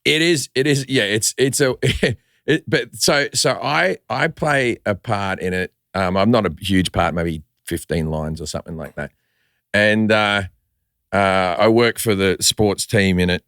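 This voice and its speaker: An Australian comedian telling stories on a podcast, loose and swearing, slipping into quick voices. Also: male voice, on the low side, a bit bright, clear, resonant tone, dry recording, clean studio sound. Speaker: comedian guest. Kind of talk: casual podcast storytelling.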